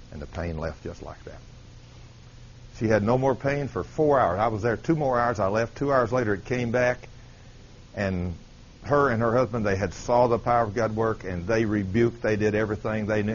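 A man preaching a sermon, telling a testimony story with quoted dialogue and rising to emphatic peaks. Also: lowish voice. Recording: dull lo-fi sermon recording with faint hiss.

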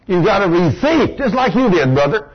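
A man's voice: sits high, very animated, normal speed, breathy edge. A man preaching a sermon in a folksy, emphatic way, acting out the voices he quotes. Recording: dull lo-fi recording.

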